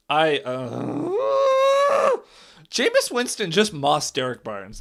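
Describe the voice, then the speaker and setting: A man gives live play-by-play reaction to a football game. His voice is bright and lively, and it swings widely in pitch. He sounds exasperated with his team. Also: takes it slowly, creaky. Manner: exasperated, frequently shouts and laughs in disbelief.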